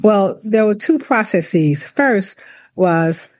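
Deliberate woman with a warm, dry voice. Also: medium pitch, lively intonation, dry recording. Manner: deliberate, reflective, with restarts and laughs. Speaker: former university president, author. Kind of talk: interview, personal account.

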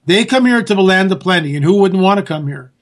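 Male talk radio host, high voice, sarcastic and indignant. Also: expressive, quick pace. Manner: indignant, sarcastic, rhetorical questions. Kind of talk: political talk radio monologue.

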